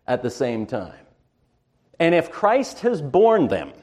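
Emphatic male preacher, slowing for stress. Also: on the high side, wildly swooping pitch, a little mellow, slightly rough. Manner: emphatic, slows down to stress key words, frequent "uh" fillers. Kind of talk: sermon.

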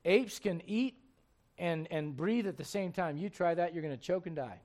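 A man preaching a sermon, chatty and repetitive with asides to the listeners, swinging from hushed tender passages to loud shouting bursts. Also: on the high side, moderate pace. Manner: repeats words, folksy asides to the congregation.

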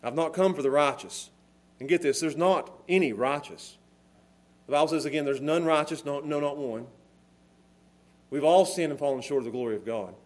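A male preacher with a fairly high voice delivers a sermon. He moves from quiet, near-whispered stretches to loud, fervent shouting. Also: normal speed. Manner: impassioned, swinging from hushed to shouting.

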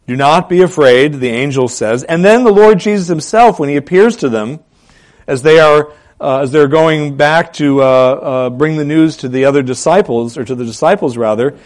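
A man preaching a sermon as pastor, asking rhetorical questions and repeating key phrases for emphasis, swinging between loud and soft delivery. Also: mid-range voice.

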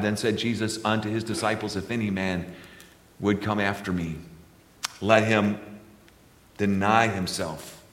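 A man pastor preaching a sermon and reading scripture aloud, swinging between quiet low passages and loud, high, emphatic peaks. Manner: reads scripture in King James wording. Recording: echoey room.

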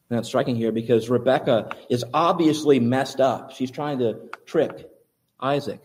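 A man pastor preaching a sermon in an animated, emphatic way. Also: mid-range voice.

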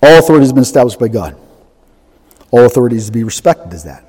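A man preaching a sermon, emphatic and animated, swinging from loud to soft. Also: medium pitch, very fast, breathy edge. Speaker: pastor. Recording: long hall reverb.

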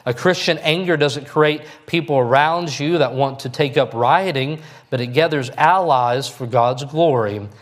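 A man's voice: mid-range voice, unhurried, few pauses. A man preaching a sermon as pastor, in a folksy, conversational way that keeps checking in with his listeners. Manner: folksy, conversational preaching with frequent "all right?" check-ins.

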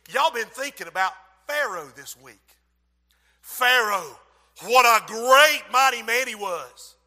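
A man preaching a sermon, telling the story dramatically and acting out voices, sometimes shouting. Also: extremely high pitch. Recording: long hall reverb.

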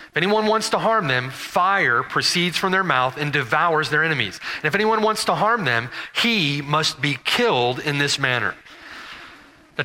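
A man's voice: on the high side, pushed and bright. A man preaching an expository sermon, emphatic, repeating phrases for stress and building in intensity. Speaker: pastor.

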